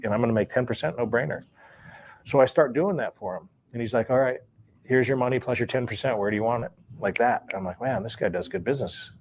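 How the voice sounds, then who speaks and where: A man's voice: mid-range voice, fast, a little hiss or hum. A man, a former sports bookie, casually telling a long story and acting out the dialogue he recalls. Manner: relaxed, acts out quoted dialogue, chuckles between lines.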